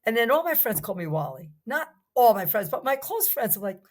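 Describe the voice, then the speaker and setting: A woman's voice: on the high side, very animated, brisk. An older woman from New Jersey, a podcast guest chatting casually, enthusiastic and rambling, full of restarts. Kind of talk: casual chat.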